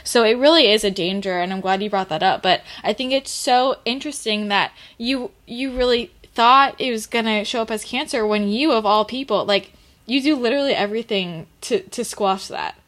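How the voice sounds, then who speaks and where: A woman's voice: on the high side, normal speed, a bit bright. A woman hosting a casual interview, talking frankly and with engagement, swearing casually. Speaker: host.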